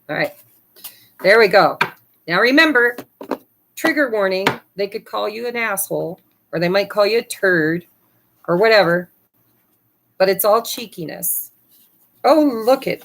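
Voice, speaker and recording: A woman's voice: medium pitch, a bit bright, a little hiss or hum. A woman hosting a casual tarot card reading for her viewers, cheeky and laughing often, swearing freely. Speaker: tarot reader.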